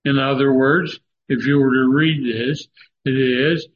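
A man teaching a Bible study lecture, halting often with fillers and stressing words for emphasis, on a dull lo-fi recording. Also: mid-range voice, steady tone. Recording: dull lo-fi recording with faint noise.

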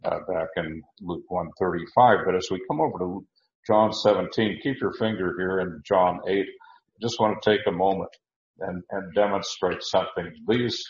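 A man teaching a verse-by-verse sermon, halting with many restarts and slowing to stress key words. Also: deep voice, echoey room, muffled recording. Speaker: Bible teacher.

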